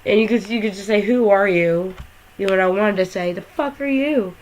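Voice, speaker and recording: A woman's voice: medium pitch, steady tone, fairly quick, low-quality recording. A young woman chatting casually and swearing freely as she walks through a game, talking from her bedroom while lying down. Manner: rambling, swearing, jokey. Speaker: gaming vlogger.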